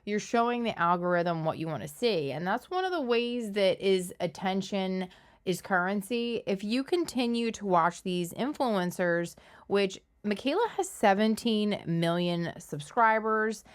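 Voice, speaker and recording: A woman's voice: mid-range voice, lively intonation, a little slow, clear, resonant tone. A woman from Philadelphia with a Philadelphia accent, hosting a casual, opinionated commentary video. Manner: conversational, opinionated, analytical. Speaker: commentary channel host.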